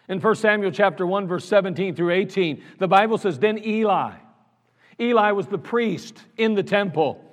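A man's voice: high-pitched, moderate pace. A man preaching a sermon as pastor, in an earnest, conversational way with lots of repetition. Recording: long reverb of a large hall.

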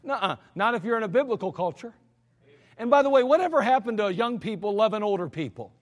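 A man's voice: sits high, lively intonation, fast, long reverb tail. A man preaching a sermon as pastor, blunt and exhorting, scolding his listeners directly.

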